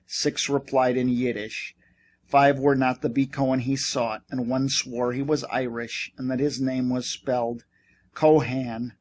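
A man reading a novel aloud as an audiobook narrator. His voice sits at a middle pitch, and he tells the story at a steady, even pace.

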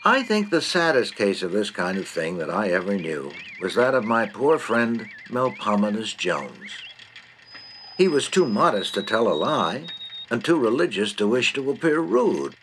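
Male narrator, wry, very animated pitch, faint hiss behind. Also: unhurried. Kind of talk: storytelling narration.

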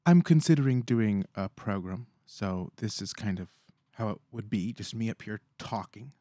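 A man's voice: on the low side, moderate pace, warm tone, dry recording. Playful rambling man, dry close sound. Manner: playful, theatrical storytelling with quoted voices; chatty, rambling, self-mocking. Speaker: food vlogger. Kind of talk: casual chat to camera.

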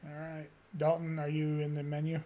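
A man's voice: fairly high pitch, completely flat delivery, moderate pace, warm tone. A man talking casually with a friend during a gaming session over a voice chat mic, blunt, profane and exasperated. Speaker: gamer in voice chat.

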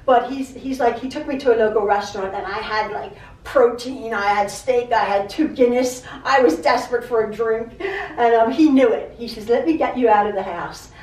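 A woman's voice: on the high side, moderate pace, a little mellow. Chatty, stammering middle-aged woman, echoey room. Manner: chatty, repeats herself, stammers and restarts. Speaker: quilting channel host. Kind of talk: rambling personal chat. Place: home sewing room. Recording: echoey room, mic at a distance.

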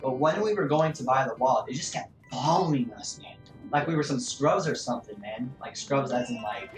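This is a slightly fast, mid-range voice from a gaming stream. The streamer meanders through a story set in a store, using lots of fillers and saying "man" often, with game music and room echo in the background.

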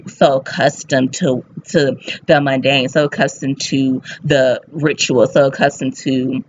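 A woman giving a casual devotional talk as a faith vlogger. She talks in an excited, fast and lively way. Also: a bass voice. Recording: slightly dull with faint hiss.

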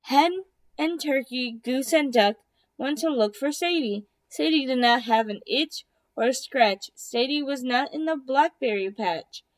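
A woman reading a children's picture book aloud in a slow, deliberate way. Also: high-pitched, expressive. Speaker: storybook reader. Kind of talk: children's storybook read-aloud.

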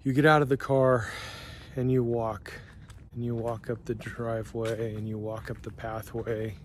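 A man of middle pitch narrates a story, walking the listener through it step by step. His telling is steady and plain-spoken, the voice of a channel host. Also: measured pace, a little hiss or hum. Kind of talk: second-person storytelling narration.

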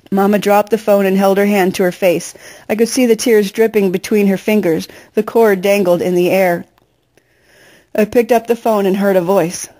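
A woman's voice: medium pitch, fairly even intonation, normal speed, warm tone. A woman reading a novel aloud, narrating steadily in the first person. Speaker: reader. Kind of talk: audiobook narration.

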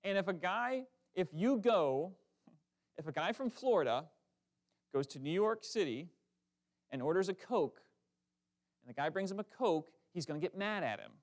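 A man delivers a sermon in a church, his voice sitting a little high for a man. He speaks, keeping it conversational and lively, full of quick asides and self-corrections as he talks to the congregation. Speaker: preacher. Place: church sanctuary.

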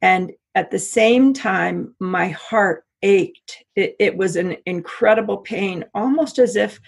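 A middle-aged American woman telling a personal story in an interview, halting with frequent restarts. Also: medium pitch, gravelly, husky. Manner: halting, many restarts and repeats. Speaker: interview guest.

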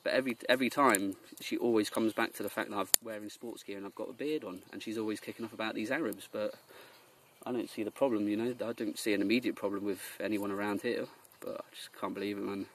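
A man's voice: lowish voice, fairly even intonation, fast, slight background noise. A young man from Jersey ranting in a vlog, rambling and exasperated, often mimicking the people he complains about. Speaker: vlogger.

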